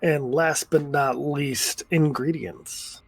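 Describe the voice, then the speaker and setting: Give me a relaxed male game master with a fairly high voice, recorded dry and close. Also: slow, vocal fry, breathy edge, no room sound. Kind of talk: running a tabletop role-play.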